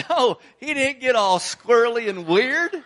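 A pastor preaching a sermon, telling a story in an earnest, emphatic way. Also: male voice, very high voice, a bit bright. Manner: storytelling, acts out the quoted voices.

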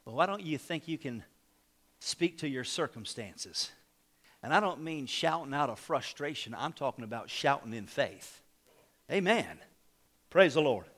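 A male pastor preaching a sermon with fiery shouts, calls of amen and exhortations to the congregation. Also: medium pitch, expressive, measured pace.

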